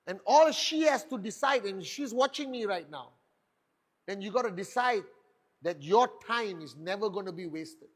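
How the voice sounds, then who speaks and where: Man, high pitch, motivational speaker, punchy rhetorical questions, emphatic. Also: lively intonation, moderate pace. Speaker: network marketing leader giving a motivational talk. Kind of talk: motivational speech.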